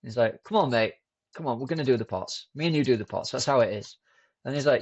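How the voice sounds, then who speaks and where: A man as a podcast guest, chatting in a relaxed, rambling way with many fillers and restarts. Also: medium pitch, fast talker, husky, highs cut off. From United Kingdom. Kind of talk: casual conversational storytelling.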